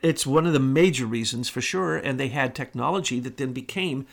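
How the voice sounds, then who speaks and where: A man's voice: mid-range voice, fairly quick, gravelly. Indignant man ranting on a talk show. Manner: emphatic, indignant, rhetorical questions. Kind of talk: conspiracy talk monologue.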